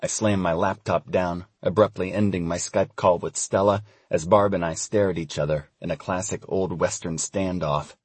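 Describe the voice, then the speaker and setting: A young man giving relaxed, wry first-person audiobook narration. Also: low voice, moderate pace, hardly any pauses, husky, no room sound.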